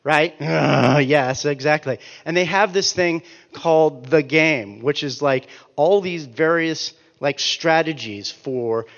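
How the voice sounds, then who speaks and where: A man in his forties telling comic stories in an animated, ranting way, swearing and breaking off his own sentences. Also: fairly high pitch, takes it slowly, vocal fry, few pauses, in a large hall, lo-fi sound. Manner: animated, ranting, profane, self-interrupting. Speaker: author and speaker. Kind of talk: comic storytelling talk.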